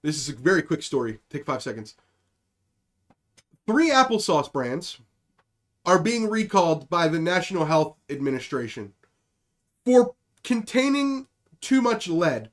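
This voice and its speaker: High-voiced young guy riffing comedy. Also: very animated, unhurried, long pauses. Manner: riffing, acts out silly bits with put-on voices. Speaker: podcast co-host. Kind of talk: casual comedic chat.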